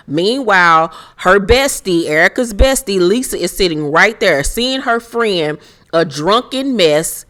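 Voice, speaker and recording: A woman giving a sassy, profane reality show recap, telling the story with animated asides. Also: on the low side, unhurried. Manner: acts out quotes in put-on voices.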